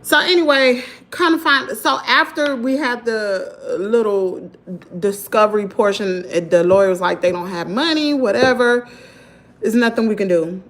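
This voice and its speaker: A middle-aged woman with a Southern US accent, telling a story to her viewers in an animated, chatty way. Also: on the high side, normal speed. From Mississippi, US. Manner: animated, talks to viewers as "y'all". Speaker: vlogger. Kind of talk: casual storytelling.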